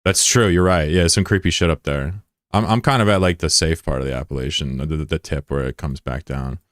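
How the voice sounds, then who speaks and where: A man's voice: rumbling low, a little fast, no room sound, studio quality. A man streaming live in casual chat, joking and swearing as he reads out viewer comments. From United States. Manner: joking, profane, rambling asides.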